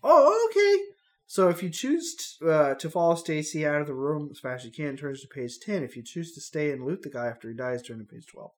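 A man's voice: a little high, a little fast, few pauses. A man reading a choose-your-own-adventure book aloud as game master, joking and stumbling over words. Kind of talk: comedic gamebook read-aloud.

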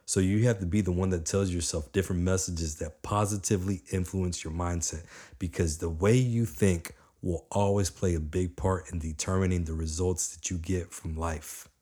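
A young adult man giving a motivational talk in an energetic, conversational way, repeating lines for emphasis. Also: low voice, normal speed, slightly rough. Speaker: motivational speaker.

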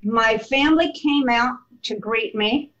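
A woman telling a personal story in an interview, animated and laughing as she goes. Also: on the high side, measured pace, dull audio, slight background noise. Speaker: guest telling her life story.

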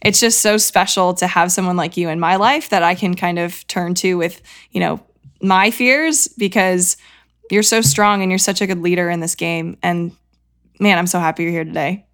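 A woman's voice: fairly low pitch, fairly even intonation, moderate pace. Effusive, emotional woman podcast host. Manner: emotional, effusive, warm praise, tearful at times. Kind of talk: podcast interview.

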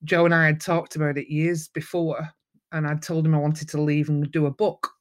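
A woman with a Mancunian accent, a photographer telling lively stories as a guest in a casual interview. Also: low voice, normal speed. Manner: lively, animated storyteller. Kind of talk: storytelling in casual chat.

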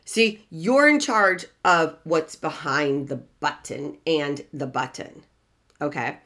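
A middle-aged woman with a somewhat low voice hosts a relationship podcast. She talks in a motivational, preachy manner. She is emphatic and repeats key phrases for weight. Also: slow pace, fairly bright tone.

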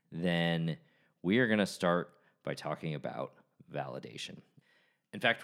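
A man in his forties hosting a podcast solo, talking casually with jokes and frequent restarts. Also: very deep voice. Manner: casual, joking, restarts often. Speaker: podcast host.

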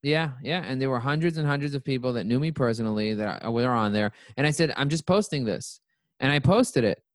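A man's voice: mid-range voice, brisk, dry recording. A man, a company CEO, telling his story as an interview guest and acting out his own quoted lines.

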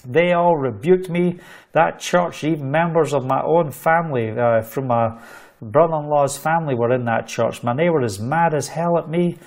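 A man's voice: on the high side, moderate pace, darkish tone. A middle-aged man preaching a livestreamed sermon, fervent and storytelling, repeating phrases for emphasis.

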